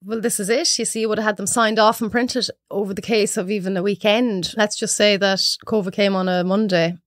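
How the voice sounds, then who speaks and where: Irish woman, 30s, lively storyteller who mimics others, dry close mic. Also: fairly quick, no room sound. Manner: animated storyteller acting out clients in high voices. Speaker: podcast guest. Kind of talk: casual chat.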